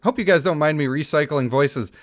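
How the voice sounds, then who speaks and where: A man's voice: fairly high pitch, a little fast. A young man casually commenting on a mobile game and reading its story aloud, jokey and laughing often.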